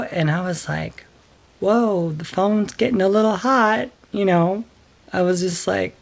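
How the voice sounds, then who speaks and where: A woman telling a personal story in a vlog, soft and hesitant, pausing often with fillers. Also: medium pitch, creaky. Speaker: vlogger.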